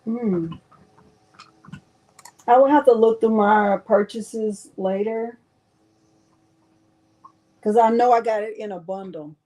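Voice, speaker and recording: A woman's voice: fairly high pitch, slow pace, long pauses, mellow. A woman hosting a live crafting stream, chatting with her viewers in a playful, self-mocking way. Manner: chatty, talks straight to viewers. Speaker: crafting channel host.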